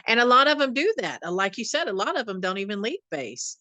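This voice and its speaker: Woman guest, quick agreeing interjections, bright voice. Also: a little high, sing-song. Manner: laughs often, chimes in with short agreements. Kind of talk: casual chat.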